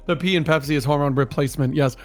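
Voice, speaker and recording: Playful giggly man, higher voice. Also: a bit bright. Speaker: co-host of a stream reading a document. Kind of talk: casual joking stream chat.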